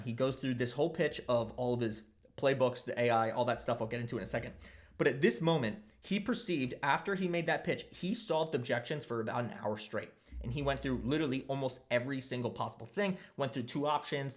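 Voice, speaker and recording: A young man casually breaking down a sales launch in a video. He talks in an animated way, keeps asking "right?", and jumps into a higher voice when he quotes people. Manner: filler-heavy, says "right?" a lot. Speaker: online business creator.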